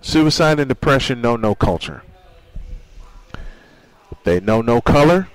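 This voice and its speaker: A man's voice: medium pitch, expressive, a little slow, no echo, rough recording. A man hosting a sports radio show, speaking earnestly in a monologue and reading quotes aloud.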